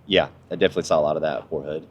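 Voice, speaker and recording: Low-voiced young guy, ex-army, cussing a lot, rambly podcast talk, bit of hiss. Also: steady tone, rapid-fire. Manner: profane, rambling storyteller. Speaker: podcast host, army veteran. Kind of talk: casual conversation.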